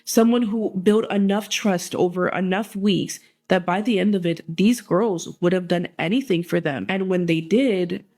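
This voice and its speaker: Measured true crime narrator, mid-pitched voice. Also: a little mellow. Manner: measured, emphatic storytelling. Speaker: video host.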